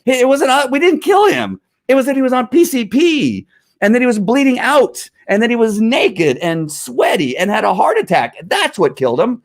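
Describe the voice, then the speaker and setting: This middle-aged former police officer speaks at a moderate pace in a very high-pitched, creaky voice. Riled up and animated, he rants in heated commentary, talking over himself and restarting often.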